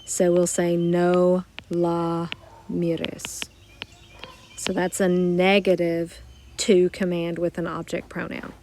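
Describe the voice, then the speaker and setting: A woman teaching a recorded grammar lesson, explaining patiently step by step and slowing down to model phrases. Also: lowish voice, completely flat delivery, darkish tone, a little hiss or hum. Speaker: Spanish teacher.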